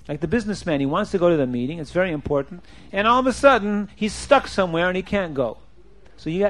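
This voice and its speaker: Animated man telling a story to boys. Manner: animated, jumps in pitch and acts out quotes. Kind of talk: storytelling lesson.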